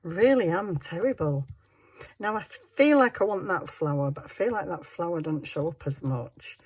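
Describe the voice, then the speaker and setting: A woman's voice: fairly low pitch, lively intonation, normal speed, a little mellow. A woman talking through her papercraft in a rambling, self-mocking way as she works at her desk at home. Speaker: papercraft vlogger. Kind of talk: chatty crafting commentary.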